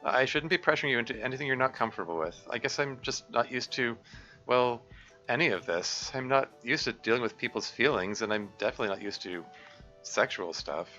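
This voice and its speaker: Guy putting on a caring teen girl club president, gentle and pleading, raised voice, bright tone. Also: mid-range voice, lively intonation, fairly quick, highs cut off, faint music behind, pitched above the performer's own voice.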